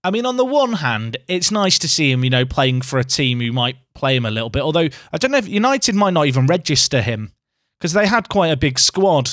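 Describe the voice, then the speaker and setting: A man's voice: a little high, big pitch swings, brisk, fairly bright tone, no room sound, studio quality. A young man giving casual, self-mocking commentary on a game he is playing and talking back to it. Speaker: gaming YouTuber.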